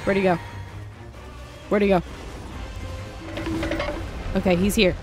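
A woman's voice: mid-range voice, slow, music in the background. A young woman commenting on her own gameplay, chatting casually and breaking into panicked shrieks and laughter when things go wrong. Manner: excitable, shrieks and panics during fights. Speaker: gaming streamer. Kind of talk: let's play commentary.

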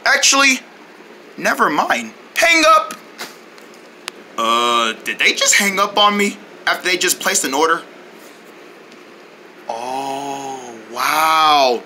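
Wildly animated, bright cartoon voice. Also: medium pitch, takes it slowly, long pauses, slight background noise. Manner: switches voices, excitable outbursts and shouting. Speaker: cartoon creator voicing every character. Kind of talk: comedic cartoon voice acting with parody ads.

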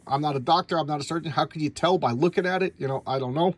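A man in his fifties from the United States talks through an old comic in a loose, rambling way. He stumbles over his words and repeats them, then slips into quick voices for the characters. His voice has a faint husk to it. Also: a little high, husky. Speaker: comic book collector reviewing back issues. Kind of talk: casual video review chat.

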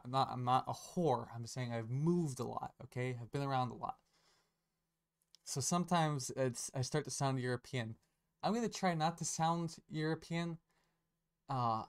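A man giving a casual commentary rant, sarcastic and profane, rambling and correcting himself as he goes. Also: medium pitch. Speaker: online commentator.

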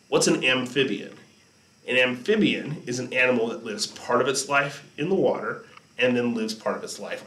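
A man's voice: medium pitch, sharp tone. A man teaching a history lesson over slides in a conversational way, often checking in with his listeners. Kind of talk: classroom lecture over slides. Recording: echoey room, distant mic.

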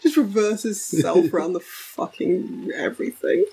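A woman's voice: mid-range voice, big pitch swings, measured pace, vocal fry, mellow, husky. A young woman playing a horror game, nervous but acting mock-brave and swearing. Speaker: let's play co-host. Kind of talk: casual gaming chat.

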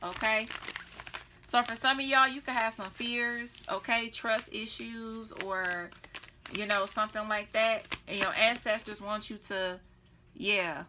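A woman's voice: a little high, fairly even intonation, a little slow, background noise. A woman giving a casual tarot reading, chatty and blunt, laughing often and swearing freely. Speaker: tarot reader.

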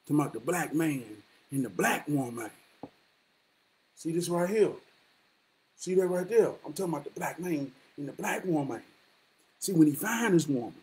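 Man, high voice, swooping delivery, profane, repetitive, rhetorical, street-preacher cadence, casual monologue. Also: rough recording. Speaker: vlogger giving life talks.

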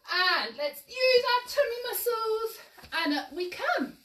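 A woman's voice: very high-pitched, animated, takes it slowly, fairly bright tone. A woman leading a live-streamed movement class for toddlers, giving cheery, encouraging sing-song instructions to the children and their grown-ups. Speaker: children's exercise class leader. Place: room at home. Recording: echoey room, mic at a distance.

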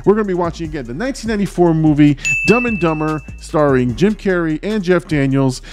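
Man, movie reaction host, energetic, slightly high voice. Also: fast, music in the background. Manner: energetic and animated, chatty.

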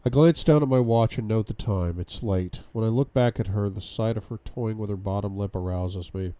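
Dark-voiced man reading a novel aloud. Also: on the low side, moderate pace. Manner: dramatic first-person reading with sudden outbursts. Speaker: book club reader.

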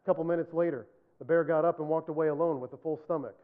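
Man, pastor, sermon, high voice, earnest, repeats points for emphasis, self-deprecating humor, tinny phone-like sound. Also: fairly even intonation, very fast, clean tone.

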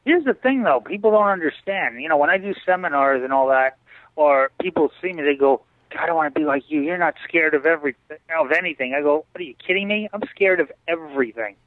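A man's voice: a little high, fairly quick, dry recording. A man telling stories as an interview guest over a video call, acting out what people said. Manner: animated storyteller, acts out others' lines. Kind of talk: storytelling in a casual interview. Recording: dry tinny call audio.

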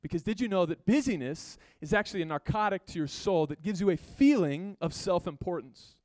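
Speaking in a voice on the high side, a male pastor gives a lively, conversational sermon. He makes quick asides to the congregation, captured on a dry recording.

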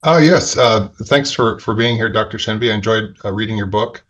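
A man's voice: fairly low pitch, a little fast, fairly bright tone. A man who is a book club member, asking a question hesitantly with many fillers. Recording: dull lo-fi audio.

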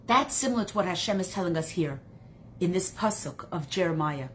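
A woman teaching a Torah class in an animated storytelling style, acting out the characters in her stories. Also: fairly low pitch, brisk, a little hiss or hum.

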